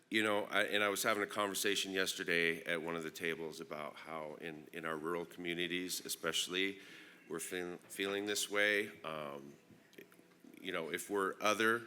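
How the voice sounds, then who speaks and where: A man from Northern California, congested with a plugged-up nose, giving an unhurried, reflective opening talk at a conference with many ums. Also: low voice, pushed and bright, slight background noise. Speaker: invited opening speaker. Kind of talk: personal address at a conference plenary.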